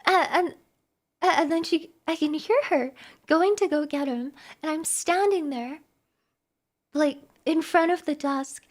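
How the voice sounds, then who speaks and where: A young woman streamer chatting casually with her viewers, giggly and animated, with lots of quick restarts. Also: sits high. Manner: giggly, animated, talks fast with many restarts. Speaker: live streamer.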